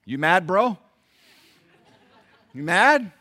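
A man's voice: sits high, very animated, extremely slow, bright, forceful tone, pitched above the performer's own voice, exaggerated voice. A preacher voicing a defensive, self-righteous churchgoing wife who denies her own faults and points at everyone else's. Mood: indignant. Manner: mocking, exaggerated protests of innocence.

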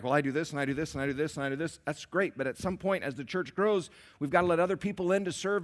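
Emphatic preaching man. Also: on the high side. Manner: emphatic and repetitive, building to shouts. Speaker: pastor. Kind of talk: sermon. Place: church sanctuary, live service.

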